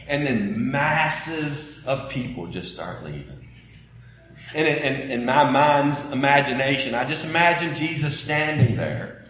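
A male preacher with a Southern American accent delivers a sermon in a relaxed, conversational manner. His pitch sits in a mid range. He often restarts phrases and then lifts his pitch and volume for emphasis. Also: a little slow, a little hiss or hum.

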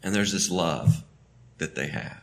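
A man from the Southern US with a Southern American accent, preaching a sermon in a conversational way, often restarting phrases and suddenly rising in pitch and volume. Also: measured pace, gravelly.

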